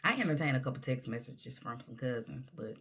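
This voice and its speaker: A woman's voice: a bass voice, husky. A woman talking candidly to camera in a personal monologue, emphatic and conversational, sometimes dropping to a near-whisper. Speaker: vlogger.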